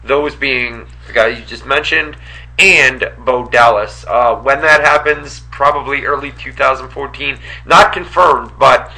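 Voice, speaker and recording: A man's voice: medium pitch, a little slow, bright, forceful tone, rough recording. A man with a New York accent co-hosting a wrestling radio show, reading out listener questions in a laid-back way. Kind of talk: casual radio banter.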